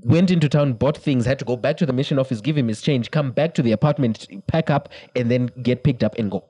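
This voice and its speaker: A man's voice: mid-range voice, quick pace, warm tone, breathy edge, no room sound, rough recording. A young man, a podcast co-host, telling a long personal story in casual chat, laughing often and quoting people in put-on voices.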